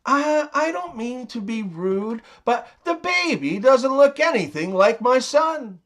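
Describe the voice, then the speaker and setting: A man's voice: very high-pitched, sing-song, slow, a bit bright, voice pushed up, full character voice. Man doing a snide mother-in-law. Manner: falsely polite. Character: blunt older mother-in-law.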